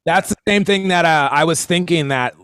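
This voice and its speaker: A man teaching a live online drum warm-up class, talking in a halting way full of fillers, counting in and singing rhythms aloud. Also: fairly high pitch, clear, resonant tone, dry recording, clean studio sound.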